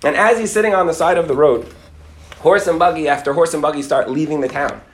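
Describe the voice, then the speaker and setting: A man's voice: on the high side, quick pace, echoey room. A middle-aged man, a rabbi, telling a dramatic story and acting out its characters, dropping Yiddish and Hebrew words. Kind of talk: animated storytelling talk.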